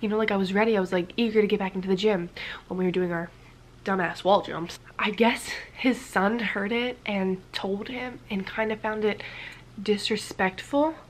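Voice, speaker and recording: A woman's voice: medium pitch, moderate pace, a little hiss or hum. Woman rambling through a casual story time. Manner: rambling, filler-heavy, dips into whispers. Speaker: vlogger.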